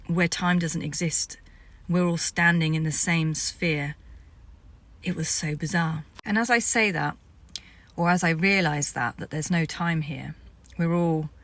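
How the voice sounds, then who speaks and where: Low-voiced woman recounting a vision. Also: no echo. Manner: rambling, drops into whispers. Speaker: spiritual vlogger. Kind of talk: storytelling about a vision.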